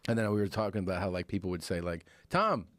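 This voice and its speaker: A man with a low voice tells a story in loose, casual conversation. He talks close to a dry, dead microphone and jumps into louder, higher voices when he quotes people. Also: rapid-fire, dry recording. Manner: animated storyteller, acts out quotes in raised voices. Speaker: podcast guest.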